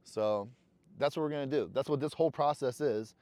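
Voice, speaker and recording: Fairly quick and darkish in tone, a mid-range male voice is captured dry. Between puffs of a cigar, the vlogger rambles candidly to camera in his casual motivational vlog, blunt and profane as he talks to himself.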